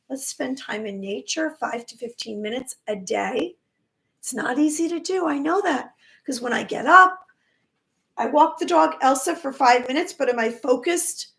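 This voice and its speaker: A woman talking casually on a live stream as a spiritual teacher, warm in her encouragement and tripping over words, her voice going hoarse. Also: high voice. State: losing her voice.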